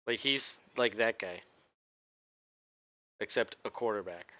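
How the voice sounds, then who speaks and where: A man co-hosting a casual live football reaction show, excitable and quick to swear and laugh. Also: lowish voice, no echo, lo-fi sound. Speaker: co-host.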